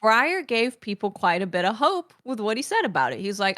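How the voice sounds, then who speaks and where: Upbeat woman co-host, lively pitch. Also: a little fast, dry recording, clean studio sound. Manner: upbeat, playful storytelling. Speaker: podcast co-host. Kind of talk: casual podcast chat.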